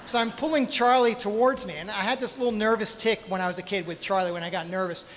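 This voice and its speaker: A man with a high voice tells a dramatic story live on stage, drawing it out with pauses and spoken sound effects, poking fun at himself along the way. The hall's long reverb trails after each phrase, with faint ambience underneath. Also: fairly bright tone, a little hiss or hum. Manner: self-deprecating humor. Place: stage in a hall at a storytelling night.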